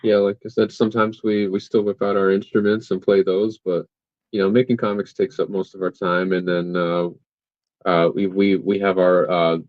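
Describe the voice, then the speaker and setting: A man's voice: sits low, little pitch movement, moderate pace, no echo, lo-fi sound. A man, a comic creator guest, chatting casually and hesitantly, often restarting his sentences. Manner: hesitant, many fillers and restarts. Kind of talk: casual interview chat.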